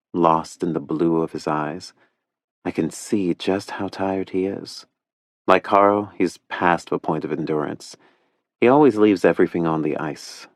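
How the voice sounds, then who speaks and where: A man narrating a first-person romance audiobook in a hushed, intimate way, close to the mic. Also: sits low, no echo.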